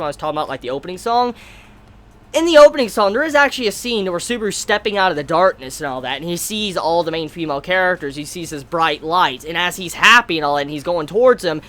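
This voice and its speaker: A woman in her twenties talking through an anime episode in a casual, animated way, swearing freely and repeating herself as she gets worked up. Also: low voice. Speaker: anime reviewer. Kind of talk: casual video commentary.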